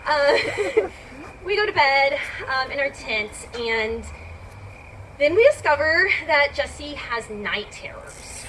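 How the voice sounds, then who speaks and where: A woman's voice: sits high, lively intonation, slow pace, a bit bright. A woman telling a personal story to a live audience in a chatty, filler-heavy way. She laughs often and acts out her own reactions. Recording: distant mic with background noise.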